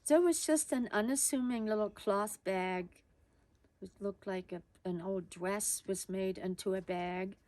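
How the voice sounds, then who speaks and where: A woman's voice: mid-range voice, a little slow, a little mellow, no room sound. A woman telling a personal childhood story in an easy, conversational manner.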